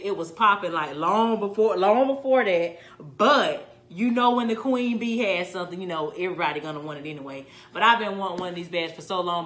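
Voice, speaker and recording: A woman vlogger talking through an unboxing video in a casual, gushing, excitable way. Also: on the low side, echoey room, slight background noise.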